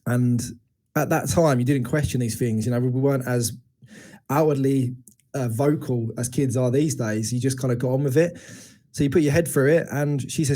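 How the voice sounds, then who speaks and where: Mellow-voiced man recounting painful memories. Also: mid-range voice. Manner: open, searching, halting retelling of painful memories. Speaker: interview guest. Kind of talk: candid personal storytelling.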